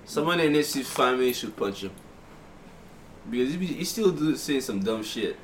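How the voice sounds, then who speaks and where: A man's voice: medium pitch, lively intonation, normal speed, a little hiss or hum. A man speaking English with a non-native accent, co-hosting a casual podcast and ranting animatedly with swearing and laughter. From immigrant to the United States. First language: not English. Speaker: podcast co-host. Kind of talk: casual chat.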